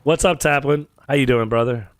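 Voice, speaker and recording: An American man streaming a game and chatting casually with his viewers, joking, teasing and firing off quick questions. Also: mid-range voice, no room sound. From United States. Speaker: gaming streamer.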